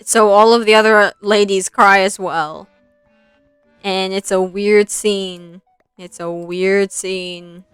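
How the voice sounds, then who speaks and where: A woman's voice: medium pitch, steady tone, takes it slowly, fairly bright tone, clear, resonant tone, dry recording, faint music behind. A young woman streaming, casually retelling a story in a rambling, easily sidetracked way.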